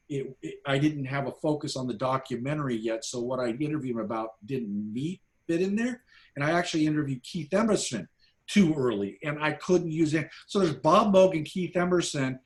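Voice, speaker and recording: A man, a documentary filmmaker, casually telling behind-the-scenes stories to a class, animated and full of restarts. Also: medium pitch, normal speed. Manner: animated anecdotes, acts out quoted voices, frequent restarts. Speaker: documentary filmmaker, guest speaker.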